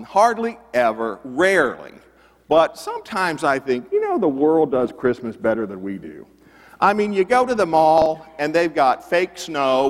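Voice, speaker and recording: A middle-aged man preaching a sermon, conversational and animated, full of rhetorical questions. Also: fairly high pitch, long reverb tail. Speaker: pastor.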